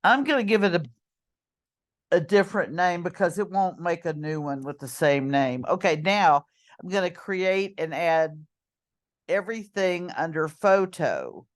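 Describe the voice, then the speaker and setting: A woman teacher talks students through a screen lesson at an unhurried pace. Her voice sits low, and she fills pauses with ums and corrects herself as she goes. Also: lively intonation. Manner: chatty, with many ums and self-corrections. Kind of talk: screen-recorded lesson walkthrough.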